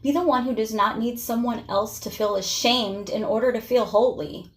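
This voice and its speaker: A woman's voice: fairly high pitch, moderate pace. A woman vlogger giving impassioned spoken commentary, emphatic and driving points home with sermon-like repetition.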